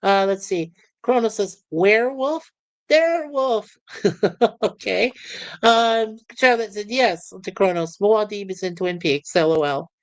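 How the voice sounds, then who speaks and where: A man's voice: sits high, measured pace, no echo. A man hosting a live stream, chatting casually and reading viewer comments aloud in a rambling, easygoing way, laughing easily.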